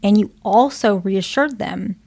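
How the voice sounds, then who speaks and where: Woman therapist with vocal fry. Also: medium pitch, measured pace, darkish tone. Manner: earnest, checks in often with "okay?" and "right?"; explains patiently with example dialogues. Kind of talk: advice monologue to camera.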